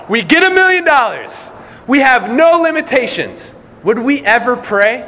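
A man preaching a sermon in a lively, casual way, acting out quoted voices with slang. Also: very high-pitched, moderate pace. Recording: long hall reverb, faint ambience.

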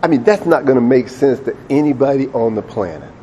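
Brief: male preacher, sermon storytelling, mellow tone, mid-range voice, casual and repetitive when emphatic. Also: medium pitch, lively intonation, brisk, a little hiss or hum. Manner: conversational storytelling, repeats words when emphatic.

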